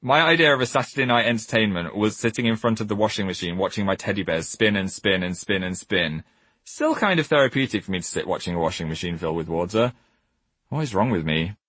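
A man reads out funny stories about his own childhood in a playful, self-mocking voice. His pitch swings a lot and has a slightly husky grain. The recording is close and dry. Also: expressive, fast talker, a bit bright, dry recording. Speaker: co-host reading his own book. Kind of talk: casual comic reading and chat.

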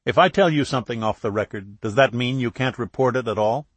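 A guarded young man, sharp and curt with strangers, as a male narrator plays him. The voice sits higher and harder than the reader's own low tone, recorded close and dry. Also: a little fast, no echo, close to an everyday voice. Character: young male medical student, suspicious and defensive.

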